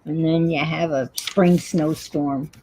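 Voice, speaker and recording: A woman's voice: sits low, fairly even intonation, takes it slowly, dark tone, slight background noise, poor audio. A woman with a New York accent chatting casually and thinking aloud while she crafts at home on a livestream.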